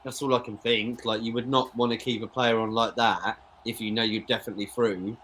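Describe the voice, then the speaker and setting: A man's voice: medium pitch, little pitch movement, a little fast, a bit bright, slightly rough. A man co-hosting a football watchalong, chatting casually and opinionated, calling his co-host "mate". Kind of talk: casual live match chat.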